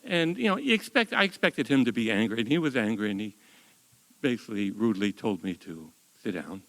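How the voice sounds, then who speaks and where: A man in his seventies from the United States telling a true story on stage at a live story slam, wry and animated, often repeating words as he goes. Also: lowish voice, brisk, long reverb tail, poor audio. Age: 70s.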